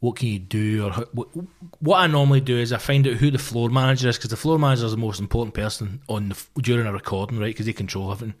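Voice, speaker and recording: A man in his thirties with a Glaswegian accent, a comedian swearing his way through an animated anecdote in casual podcast chat. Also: medium pitch, rapid-fire, few pauses. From Scotland. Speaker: stand-up comedian guest.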